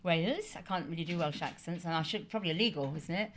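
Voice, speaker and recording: A woman's voice: fairly low pitch, quick pace, over a noisy crowd. A woman co-hosting a casual online chat, bubbly and chatty, often chiming in. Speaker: co-host.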